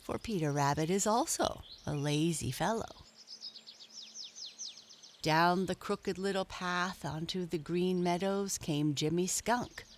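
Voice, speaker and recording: Woman narrator, gentle storybook read, slow, slightly low pitch. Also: a little hiss or hum.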